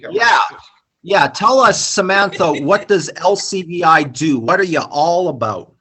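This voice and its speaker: A man's voice: sits high, lively intonation, unhurried, sharp tone, breathy edge. A man hosting a live-streamed reunion chat over a video call, upbeat and talkative, with many fillers and restarts. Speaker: host.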